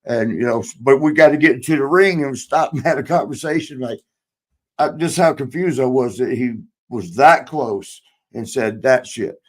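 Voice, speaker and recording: A man's voice: medium pitch, moderate pace. A man in his sixties, a podcast host and former wrestler, telling road stories in a rambling, profane way, laughing often and acting out quotes. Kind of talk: casual storytelling chat.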